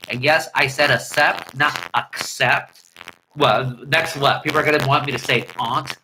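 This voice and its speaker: A man hosting a livestream, ranting in an animated, profane way into a headset mic. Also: mid-range voice, normal speed, a little hiss or hum, poor audio. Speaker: livestream host. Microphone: headset earpiece mic.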